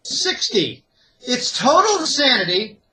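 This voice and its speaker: A man with a notably high, bright and sharp voice, talking as a financial analyst in an interview. He speaks emphatically and at length, piling up examples and lists as he argues. Grew up in the Pittsburgh area. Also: very animated, measured pace, rough recording. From Pittsburgh area, USA. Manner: emphatic, rambling, listing points. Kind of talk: opinionated interview commentary.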